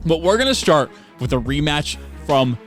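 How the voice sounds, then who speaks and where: A young man narrates video game football highlights with excitable play-by-play energy, his voice sitting a little high for a man. He bursts into shouts on the big plays. Faint music plays underneath. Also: moderate pace. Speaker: video game dynasty commentator.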